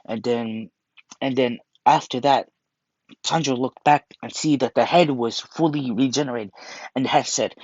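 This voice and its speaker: A man's voice: medium pitch, moderate pace, a little mellow, no room sound. A man retelling a story in a rambling, casual way, full of restarts and fillers, on a muffled, dry recording.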